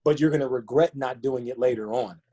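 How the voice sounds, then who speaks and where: A man's voice: mid-range voice, brisk, mellow, muffled recording. A man, a fitness coach, giving a motivational talk over a video call, earnest and fond of rhetorical questions.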